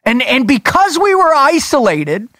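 Man, podcast host, animated storyteller, casual chat, dry close sound. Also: very high voice, unhurried, no echo.

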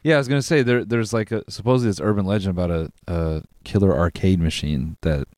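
Mellow low-voiced young man. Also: no room sound, studio quality. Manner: reads aloud haltingly, laughs, swears. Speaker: podcast co-host reading a story. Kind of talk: casual chat.

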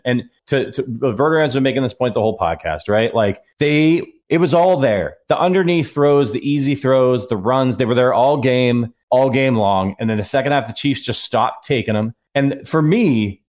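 A man co-hosting a sports podcast, talking animatedly and acting out exasperated imagined quotes. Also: mid-range voice. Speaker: podcast co-host. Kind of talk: casual sports podcast discussion.

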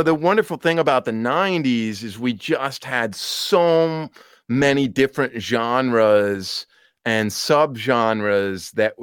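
A man in his thirties, a podcast guest, telling stories in an animated, chatty way with quick asides. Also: mid-range voice, smooth, no room sound, studio quality. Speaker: podcast guest, polka band musician. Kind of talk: casual chat.

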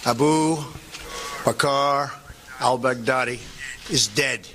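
A comedian doing a slow, gloating blowhard politician. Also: male voice, medium pitch, noisy background, pitched below the performer's own voice, lightly acted. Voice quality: slow, drawn-out delivery. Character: blustering middle-aged male politician, boastful. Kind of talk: stand-up impression.

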